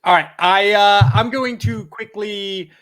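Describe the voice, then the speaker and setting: A man co-hosting a sports betting podcast, his voice a touch higher than most men's. He talks through fight picks in a loose, rambling way, stopping often on fillers as he builds his case. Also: slow. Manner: relaxed, rambling with many uh fillers. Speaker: podcast co-host. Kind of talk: casual analysis chat.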